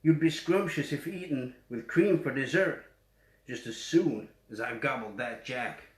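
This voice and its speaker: A man's voice: medium pitch, lively intonation, a little slow, natural voice. A man with a West Yorkshire accent voicing a hungry, grumbling male giant who wants to eat children, in a storybook reading. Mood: greedy. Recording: roomy echo.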